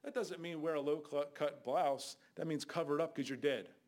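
An older man preaching a fiery Bible sermon as a guest preacher, scolding loudly and then dropping to low asides. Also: moderate pace. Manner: loud, scolding, shifts between shouting and low asides.

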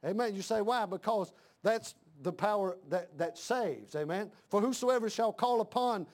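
In a church, a middle-aged pastor delivers a fiery sermon at normal speed in a high, ringing voice. He drives his points home by repeating lines and building up to shouts.

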